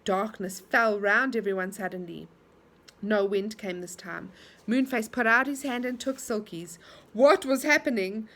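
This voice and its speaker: A woman reading a storybook aloud to a child in an animated way, stopping to ask questions. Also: mid-range voice, a little slow.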